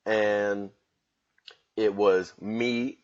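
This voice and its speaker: A man's voice: lowish voice, steady tone, extremely slow, lo-fi sound. A man hosting his own comedy podcast at home, joking around in loose slangy street talk. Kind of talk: casual solo podcast monologue.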